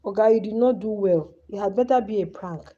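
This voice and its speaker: Nigerian lady ranting on her live stream, worked up and begging, dark mellow tone. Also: mid-range voice, fairly quick, lo-fi sound. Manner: impassioned, pleading.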